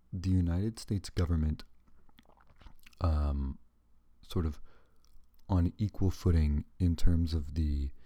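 A man's voice: sits low, mellow, no echo. A man talking casually to the camera in a rambling, digressive way, with joking asides and frequent self-corrections. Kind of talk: casual monologue.

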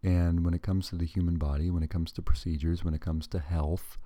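A man with an extremely deep, dark, mellow voice talks through a loose monologue. He drifts off-topic, corrects himself often and throws in wry jokes. The sound is dry and close, with no room echo. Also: little pitch movement, a little fast. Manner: rambling and digressive, joking asides, self-correcting. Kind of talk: casual monologue.

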